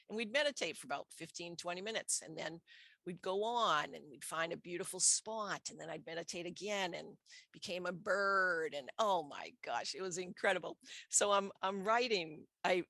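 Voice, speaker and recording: A woman's voice: on the low side, vocal fry, a bit bright, no room sound. A middle-aged woman from the United States telling a personal story in a casual interview, acting out her own reactions as she goes. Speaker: podcast guest.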